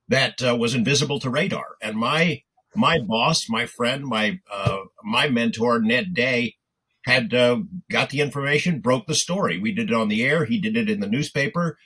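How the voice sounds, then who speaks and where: Bright, husky older newsman recounting. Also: mid-range voice, poor audio. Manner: steady, detailed recounting with "uh" pauses. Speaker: guest, TV news reporter. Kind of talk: anecdotal storytelling.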